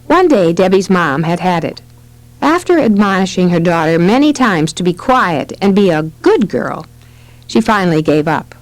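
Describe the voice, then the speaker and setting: A woman reads a parenting audiobook aloud as scripted narration, telling its stories expressively. Her pitch moves a great deal, rising and falling through each sentence. The recording is dry and close, with no room sound. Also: normal speed, no echo, low-quality recording. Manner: expressive storytelling reading.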